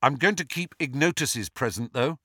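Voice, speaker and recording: A man's voice: medium pitch, moderate pace, fairly bright tone, breathy edge, dry recording, clean studio sound. A man doing a weary, earnest teenage hero. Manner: tired, earnest, careful. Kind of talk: audiobook character voice.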